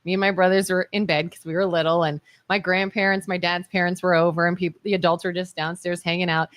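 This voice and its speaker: A woman co-hosting a casual talk radio show, chipper and animated as she tells stories. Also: lowish voice, fast, no echo. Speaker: co-host. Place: radio studio.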